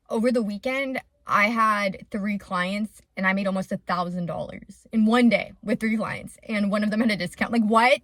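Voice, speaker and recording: A woman's voice: medium pitch, a bit bright, dry recording, clean studio sound. A young adult woman talking openly to her viewers in a confessional vlog. She rambles and fills her speech with "like". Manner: rambling and open, with many "like" fillers. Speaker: vlogger and small business owner.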